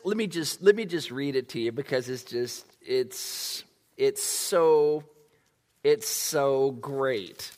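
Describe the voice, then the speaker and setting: A man's voice: mid-range voice, takes it slowly. A man preaching a sermon and answering questions, talking casually with lots of fillers and acting out the quotes. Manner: conversational, animated, many fillers, acts out quotes. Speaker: pastor. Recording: long hall reverb.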